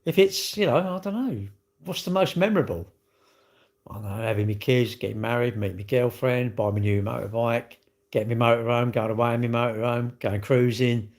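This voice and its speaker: A man's voice: mid-range voice, fairly quick, a little mellow. A middle-aged man with a British accent, rambling bluntly in slangy casual chat while answering a livestream chat.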